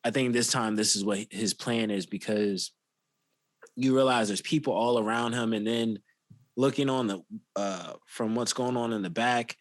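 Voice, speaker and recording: A man's voice: lowish voice, moderate pace, no echo. A man co-hosting a podcast, telling a long casual story full of "like" and restarts. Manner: rambling, filler-heavy with "like" and restarts. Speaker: podcast co-host.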